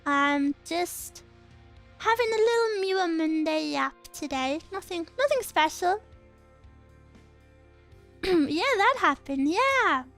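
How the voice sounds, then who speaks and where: A woman's voice: extremely high pitch, expressive, slow pace, long pauses, fairly bright tone, soft background music. A young woman streaming as a VTuber, chatting casually with a rambling, giggly way of talking.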